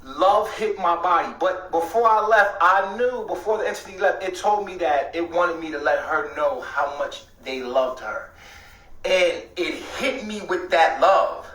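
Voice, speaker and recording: A man telling a rambling story in casual talk, swearing often and at times breaking into shouts. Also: sits high, measured pace, distant mic. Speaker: host. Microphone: streaming setup. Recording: echoey room, away from the mic.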